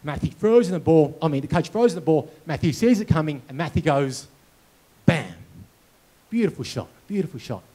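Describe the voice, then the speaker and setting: Animated man telling a story. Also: a little high, fast, hardly any pauses. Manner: animated storyteller acting out dialogue and sound effects. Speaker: keynote speaker. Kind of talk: storytelling keynote speech. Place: conference hall with audience.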